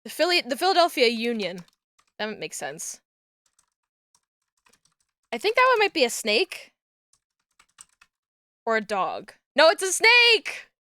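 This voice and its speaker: A young woman streamer, chatting casually and rambling, with bursts of excited yelling. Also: a little high, slow pace, long pauses, no echo. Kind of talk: casual livestream chat while crafting.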